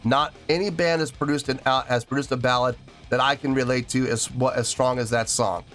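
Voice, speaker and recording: With a mid-range, fairly bright voice and fairly even intonation, this man speaks fairly quickly while hosting a music reaction video. He's earnest and teary, choking up as he rambles and says the same things more than once.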